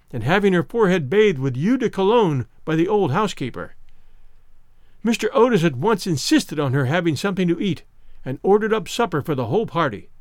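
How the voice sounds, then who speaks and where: A man narrating a classic story in a measured, expressive reading. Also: on the high side, no echo, clean studio sound. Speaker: audiobook narrator.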